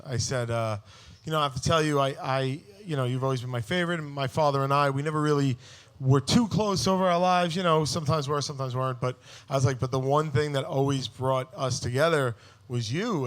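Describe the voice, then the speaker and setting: A man in his forties telling a long crude, funny story as a guest on a live podcast, abrasive and prone to loud outbursts. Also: mid-range voice. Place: live show on a cruise ship.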